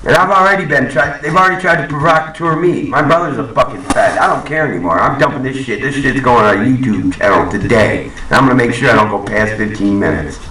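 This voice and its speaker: A man's voice: mid-range voice, fast talker, few pauses, pushed and bright, roomy sound, recorded from a distance, a little hiss or hum, low-quality recording. A man ranting angrily to camera, swearing and repeating himself, in a profane monologue. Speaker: vlogger. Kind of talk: profane conspiracy rant to camera.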